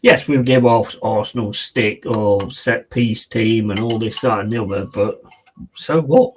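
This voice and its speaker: A man chatting excitedly and casually as he hosts a live football watch-along stream. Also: lowish voice, a little slow, rough recording.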